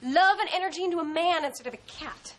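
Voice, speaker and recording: A woman's voice: extremely high pitch, fast talker. A woman playing an earnest, self-absorbed sitcom sister. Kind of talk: sitcom acting.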